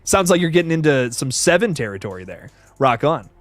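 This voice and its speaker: A young man talks through a livestream with excitable, profane energy, reading out viewer comments and reacting on the fly. His voice sits a little high and swings widely in pitch. The sound is dry and close, with no room around it. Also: brisk, no room sound. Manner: excitable, profane, reads chat comments aloud. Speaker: horror movie reviewer on livestream. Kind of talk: casual livestream chat.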